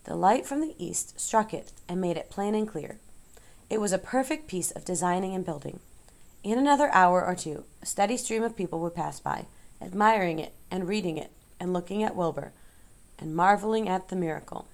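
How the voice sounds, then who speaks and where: A woman reads a children's storybook aloud at a measured, expressive pace. Her voice sits low with a gravelly grain throughout. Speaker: narrator.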